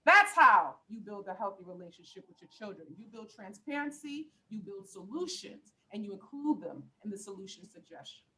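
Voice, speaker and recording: A woman's voice: mid-range voice, sing-song, normal speed, few pauses, pushed and bright, a little hiss or hum, low-quality recording. A middle-aged woman life coach talking on a podcast, passionate and emphatic, with lots of preacher-like repetition. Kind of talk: podcast conversation.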